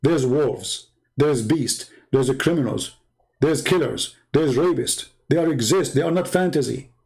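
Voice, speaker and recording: Emphatic man, fairly high voice. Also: a little slow, darkish tone. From Middle East. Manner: emphatic, repetitive, broken English grammar. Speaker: Christian apologist. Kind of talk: casual monologue with storytelling.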